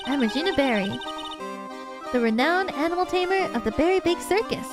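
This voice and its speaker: A woman's voice: high voice, animated, brisk, over music, voice pushed up. A woman doing a perky, breezy circus animal tamer. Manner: breezy, carefree.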